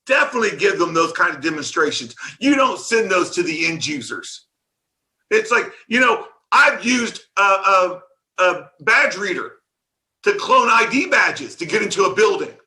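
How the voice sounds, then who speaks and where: Man, conference talk, sarcastic, ranting, high voice, very bright tone. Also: very animated, moderate pace. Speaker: conference speaker. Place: conference stage.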